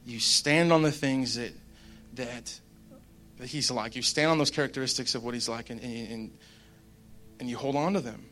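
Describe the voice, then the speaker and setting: A man's voice: mid-range voice, normal speed, a bit bright. A young man giving a casual devotional talk, rambling and conversational with plenty of fillers. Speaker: Christian speaker.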